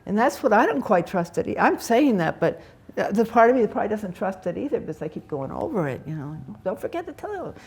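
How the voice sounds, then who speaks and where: In a meditation hall, an older woman Zen teacher gives a candid, conversational dharma talk, laughing and answering questions. Her medium-pitched voice is animated and fast, darkish in tone and husky.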